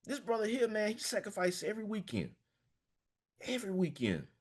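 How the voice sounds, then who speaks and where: A man's voice: high-pitched, wildly swooping pitch, fairly quick, husky. A man, a financial coach giving a passionate, emphatic motivational talk over a video call, peppered with "man". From small-town Florida, US.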